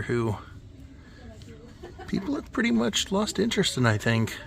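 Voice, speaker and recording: A man vlogging as he walks through an indoor antique mall, making relaxed offhand remarks and chuckling at the finds. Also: medium pitch, unhurried, creaky, long pauses, a little hiss or hum. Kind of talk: casual walkthrough commentary.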